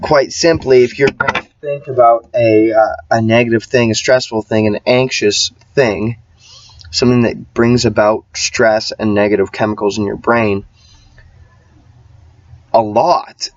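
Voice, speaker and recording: A man's voice: medium pitch, fairly even intonation, a little slow, dry recording. A man ranting in a casual vlog monologue, emphatic and profane, rambling with many restarts. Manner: often mimics other people's voices. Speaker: vlogger. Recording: dull lo-fi sound, dry.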